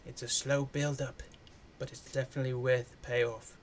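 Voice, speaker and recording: A man's voice: mid-range voice, little pitch movement, moderate pace, slight background noise. A man doing a casual, chatty movie review, loose and full of swearing.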